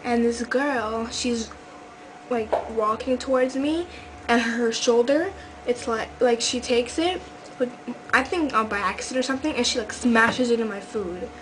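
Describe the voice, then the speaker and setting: A woman's voice: a little high, measured pace, background noise. A teenage girl telling a rambling vlog story, full of fillers and restarts. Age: teens. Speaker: vlogger.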